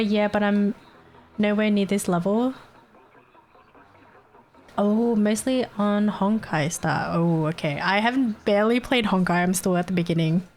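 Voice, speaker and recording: Young woman streamer, mid-range voice, chatty and heated, curses freely as she rants. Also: mid-range voice. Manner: animated venting, swears freely. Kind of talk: casual chat with viewers.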